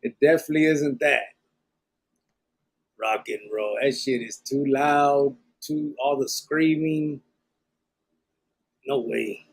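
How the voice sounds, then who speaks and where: A man's voice: mid-range voice, slow pace, vocal fry, long pauses, slightly rough. A man hosting a live podcast in casual chat, plainspoken and slangy, mixing in Spanish words while he reads viewer comments. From Arizona. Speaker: podcast host.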